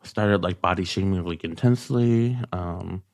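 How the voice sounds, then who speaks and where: Low-voiced man, halting filler-heavy storytelling. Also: a little mellow, no room sound, clean studio sound. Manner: hesitant, heavy use of "like" fillers. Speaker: podcast guest. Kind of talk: casual storytelling.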